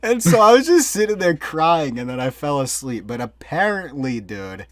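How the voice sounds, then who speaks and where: A man's voice: on the high side, sing-song, normal speed, fairly bright tone, dry recording. A young man co-hosting a podcast and telling a story in a casual, rambling way, swearing a lot and filling his talk with "like" and "dude". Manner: profane, rambling, full of fillers. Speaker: podcast co-host.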